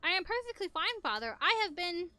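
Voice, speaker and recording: A woman's voice: extremely high pitch, very animated, fairly quick, sharp tone, no echo, pitched above the performer's own voice, full character voice. A woman voicing a young robot caretaker who talks in a stiff, formal way in a game. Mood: anxious.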